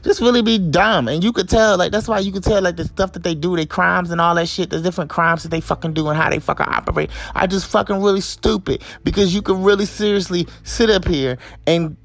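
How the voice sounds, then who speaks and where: A man's voice: high-pitched, a little fast, creaky, hardly any pauses, fairly bright tone, no room sound. A young man hosting a podcast, ranting in an angry, exasperated and profane way. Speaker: podcast host. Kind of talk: angry commentary rant.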